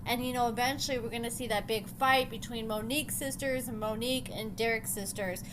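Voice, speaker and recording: Young woman commentary host, chatty and sassy, high bright voice, faint hiss behind. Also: fairly even intonation, brisk. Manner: chatty, opinionated, sassy asides. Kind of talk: casual recap and commentary.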